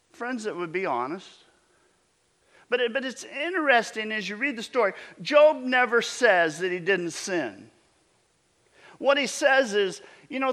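Slow, bright-voiced male preacher. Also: high voice. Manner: animated, emphatic preaching with repeated restarts. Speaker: pastor. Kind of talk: sermon.

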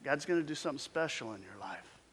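A kind schoolteacher woman, as a man puts her on, quiet and caring. Her soft words carry a long, echoing reverb. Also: medium pitch, expressive, quick pace, a little hiss or hum, natural voice. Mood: reassuring.

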